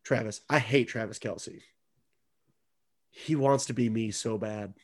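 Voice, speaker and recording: A man's voice: lowish voice, a little slow. A man co-hosting a casual sports podcast, joking sarcastically and swearing freely. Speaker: podcast co-host.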